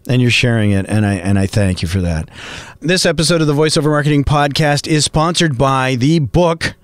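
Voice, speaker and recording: A middle-aged man hosting a podcast, talking in a chatty, rambling, animated way. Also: medium pitch, no echo. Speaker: podcast host and voice actor. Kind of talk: casual podcast monologue.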